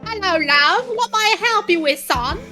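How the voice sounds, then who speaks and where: A woman's voice: very high-pitched, animated, normal speed, bright, forceful tone, soft background music, heavily acted. A woman voicing a theatrical voodoo lady fortune teller in a put-on English accent that keeps drifting, with dramatic, solemn delivery. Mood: sly. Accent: put-on English accent drifting elsewhere. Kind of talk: comic improvised game voice-over.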